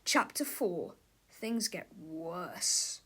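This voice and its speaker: A woman's voice: on the low side, lively intonation, very slow, sharp tone, husky. A woman narrating a children's book aloud, playfully addressing the listener. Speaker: storybook reader.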